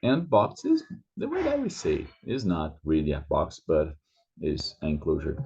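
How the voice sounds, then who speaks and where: Slow, low-voiced Brazilian teacher. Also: male voice, huge pitch swings, dark tone, breathy edge, lo-fi sound. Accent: Brazilian Portuguese. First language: Portuguese. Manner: slow, repeats words over and over, drawn-out vowels. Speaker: language teacher. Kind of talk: pronunciation lesson.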